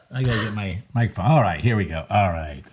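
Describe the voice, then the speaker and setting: A man hosts a casual live trading recap from a home desk. His pitch swings widely as he jokes and gets excited over the charts. He keeps breaking into laughter. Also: normal speed, slightly rough. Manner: excitable and joking, bursts of laughter. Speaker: host of a live market recap.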